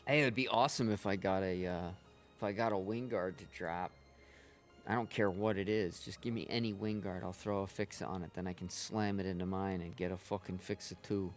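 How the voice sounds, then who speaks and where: A man's voice: sits low, steady tone, fairly quick, faint music behind. A man streaming an online game, chatting casually with viewers and teammates as he plays, swearing freely along the way. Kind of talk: casual gameplay commentary.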